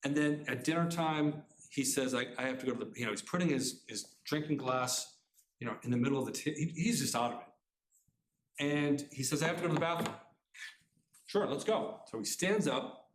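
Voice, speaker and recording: A middle-aged man telling a personal family story to a live audience, talking fast and earnestly, often restarting his sentences. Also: medium pitch, a little hiss or hum. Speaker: author giving a talk. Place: community center room. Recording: roomy hall sound.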